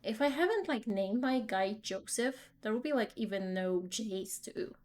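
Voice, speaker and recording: A woman's voice: fairly high pitch, animated, normal speed, darkish tone. A young woman streaming a game, chatting casually with lots of fillers and laughs. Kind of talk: casual let's-play commentary.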